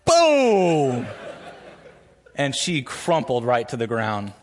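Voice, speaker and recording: A man's voice: unhurried, fairly bright tone. A man preaching a sermon as a church pastor, opening with a prayer and telling a story with earnest emphasis. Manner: storytelling, earnest, builds emphasis with rising pitch. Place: church sanctuary.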